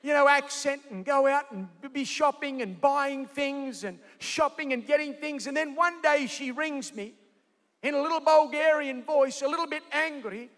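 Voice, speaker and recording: Energetic high-voiced pastor. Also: male voice, normal speed. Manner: energetic, jokey, calls out to the crowd. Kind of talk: sermon. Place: large convention centre. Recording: echoey convention hall.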